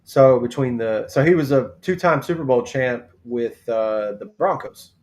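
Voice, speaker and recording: A man's voice: medium pitch, measured pace, darkish tone. Joking male live-stream host. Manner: joking, rambling, reads things out as he looks them up. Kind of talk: casual live draft-show chat.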